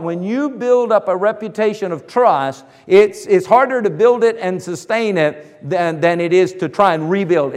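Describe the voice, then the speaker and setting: A man preaching a sermon as pastor, emphatic, swinging between loud bursts and hushed asides. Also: high voice, in a large hall.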